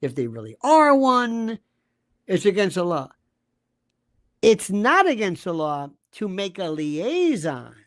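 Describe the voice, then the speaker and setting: A man's voice: sits high, huge pitch swings, slow pace. A man speaking as a guest commentator, arguing emphatically with rhetorical questions and acting out quoted voices. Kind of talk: animated conversational argument.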